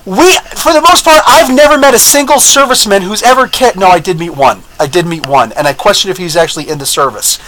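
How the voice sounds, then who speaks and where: A man hosting a podcast, talking in a rambling, blunt and animated way, telling stories and often checking in with his listeners. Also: high-pitched, quick pace, hardly any pauses, a little hiss or hum, poor audio. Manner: rambling, animated, keeps asking "you know what I'm saying?"; blunt and opinionated. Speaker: podcast host. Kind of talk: casual opinion monologue with storytelling.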